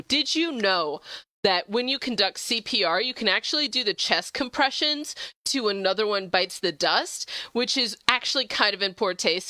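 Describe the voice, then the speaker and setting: A young woman streaming a game, chatting with viewers in a bubbly, gushing way, jumping high when excited. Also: no room sound. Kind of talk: casual gameplay stream chat.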